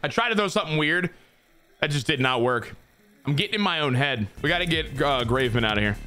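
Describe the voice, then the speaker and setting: A young male gamer narrating his own baseball video game match in a raised, very lively voice. He curses, groans and cheers, talking half to himself and half to his viewers. Faint music plays underneath. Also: fairly high pitch, quick pace, smooth. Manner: excitable, swearing, talks to himself and his viewers. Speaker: gaming streamer. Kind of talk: live gameplay commentary.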